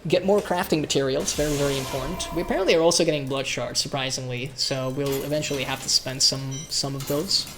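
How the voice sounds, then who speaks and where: A man's voice: mid-range voice, steady tone, quick pace, few pauses, noisy background. A man talks through a video game he is streaming live, loose and irreverent. His thoughts come in bursts, and he doubles back on a word before pressing on. The tone stays offhand and conversational. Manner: loose, irreverent, often repeating words as he restarts. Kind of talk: live gameplay commentary.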